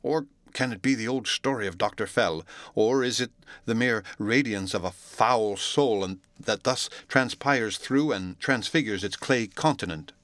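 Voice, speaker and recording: A man voicing a respectable middle-aged lawyer who speaks in a measured, formal, earnest way, read from a classic story. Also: on the low side, fairly bright tone, no room sound. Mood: perplexed, troubled.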